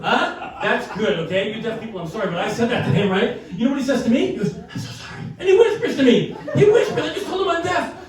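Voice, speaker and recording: A brash older man tells a profane stand-up story at a quick clip, laughing through his own lines. His voice sits high and swings widely. The sound is echoey, picked up from a distance. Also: lively intonation, faint music behind. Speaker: stand-up comedian. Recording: echoey room from far off.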